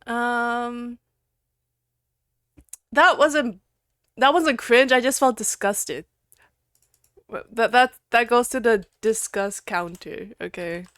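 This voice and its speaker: Female streamer, casual live chat, slow and high, giggly with sudden loud outbursts. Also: dry recording, studio quality. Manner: giggly, loud outbursts, mutters while clicking around.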